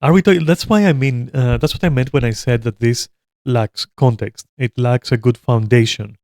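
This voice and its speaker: A man's voice: mid-range voice, normal speed, darkish tone, no room sound, studio quality. A man streaming a reaction, giving blunt opinions in a rambling casual rant full of swearing.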